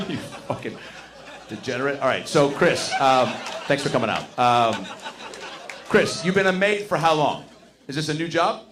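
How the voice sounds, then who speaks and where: Lively teasing male comic. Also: mid-range voice, moderate pace, pauses often, a crowd in the background, noisy background. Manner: teasing, profane, quizzing the audience. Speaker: stand-up comedian. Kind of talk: crowd work.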